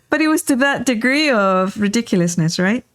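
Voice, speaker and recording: A woman's voice: fairly high pitch, a bit bright. A middle-aged woman hosting a casual talk show, telling rambling personal anecdotes with many fillers while riding in a car. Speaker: podcast host. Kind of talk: casual storytelling chat.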